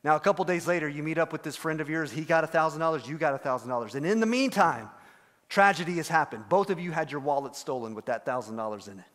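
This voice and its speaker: A man preaching a sermon as pastor, telling a story and acting out the quoted voices with animated delivery. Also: fairly high pitch, quick pace, big-room sound. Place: church sanctuary.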